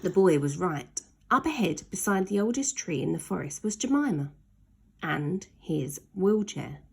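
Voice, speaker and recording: A woman reading a children's story aloud in an expressive, dramatic storytelling manner. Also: on the low side, a little slow, vocal fry, a little hiss or hum.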